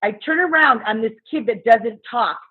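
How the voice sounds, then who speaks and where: A woman who works as a substitute teacher, telling a story in casual chat, animated and swearing freely while acting out what people said. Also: a little high, normal speed, husky. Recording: muffled phone-like sound.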